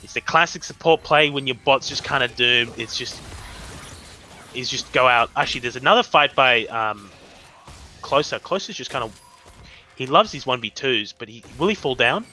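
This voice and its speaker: A young man commentating a live esports match, excitable and rambling, often tripping over his words. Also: mid-range voice, moderate pace, a little hiss or hum. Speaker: esports caster.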